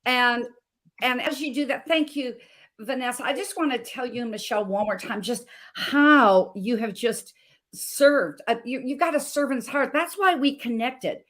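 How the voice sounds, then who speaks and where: A woman's voice: fairly high pitch, moderate pace, fairly bright tone. A woman in her thirties from Montana, a health coach telling her story as a guest with passion and emphatic repetition. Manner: passionate, emphatic, repeats phrases. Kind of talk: emotional personal story on a talk show.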